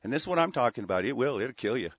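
A man's voice: medium pitch, animated, very fast, breathy edge, dry recording. Man, radio host, furious rambling rant, profane, lots of restarts, dry muffled sound. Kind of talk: angry call-in radio rant. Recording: dry, dull lo-fi studio sound.

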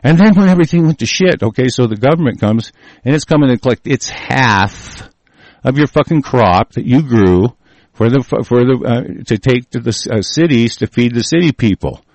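A man's voice: medium pitch, animated, moderate pace, a little mellow, no echo. A man in a heated, profane, rambling rant, often breaking off and restarting his sentences. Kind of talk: casual ranting monologue.

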